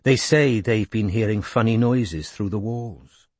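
A man reading an audiobook voices a deep-voiced Welsh woman who speaks gently and coaxingly to a younger man. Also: unhurried, no room sound. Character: deep-voiced Welsh older woman, soft-spoken landlady.

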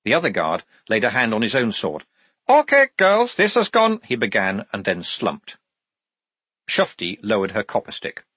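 A man narrating an audiobook with lively, expressive storytelling. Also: fairly low pitch, moderate pace, husky, no room sound. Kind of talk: scripted narration.

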